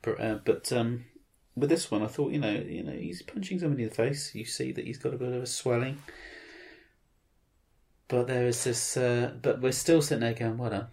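A man's voice: medium pitch, creaky, darkish tone. A man co-hosting a casual podcast, talking eagerly about an episode he loved. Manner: enthusiastic, quick to concede. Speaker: podcast co-host. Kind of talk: casual chat.

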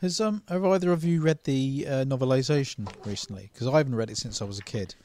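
A man's voice: medium pitch, quick pace, a little mellow, a little hiss or hum. A man, co-hosting a casual podcast and asking questions of the others. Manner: inquisitive, asks questions, brief backchannel. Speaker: podcast co-host.

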